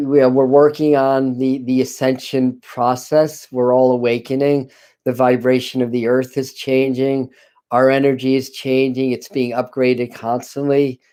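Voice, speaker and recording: A man with a smooth, resonant voice at an ordinary pitch, chatting through a home live stream. He talks casually in halting phrases, stops to apologize, and often restarts his sentences as he explains the session. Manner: halting, many restarts and apologies, soft laughs. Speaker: spiritual channeler hosting a live stream. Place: dim home room. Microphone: computer camera live stream.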